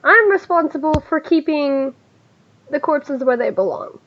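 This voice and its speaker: Woman playing a dry, amused witch with a high voice, dull lo-fi recording. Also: lively intonation, measured pace. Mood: wry. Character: wry witch woman who keeps the dead in place.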